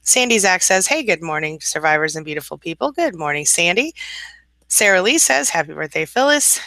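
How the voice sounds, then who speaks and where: Female live-stream coach, early-morning tired, laughs a lot, bright crisp voice. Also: lowish voice, animated, brisk, no room sound. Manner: chatty, laughs often, greets viewers warmly by name; soft, reassuring advice. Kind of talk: casual live-stream chat reading viewer comments.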